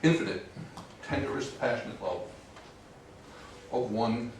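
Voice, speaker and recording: Man reciting verse slowly in a barn. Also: mid-range voice, a little hiss or hum. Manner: slow, deliberate recitation. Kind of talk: reciting a comic poem to an audience. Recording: echoey barn from far off.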